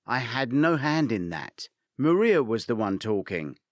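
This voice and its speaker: A man's voice: mid-range voice, very animated, unhurried, no room sound, studio quality. A man doing a defiant female accomplice. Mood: defensive.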